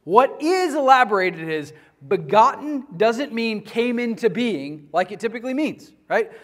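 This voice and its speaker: A man's voice: very high-pitched, expressive, unhurried, a bit bright. A man lecturing a class on church history in a conversational way, often asking the students questions.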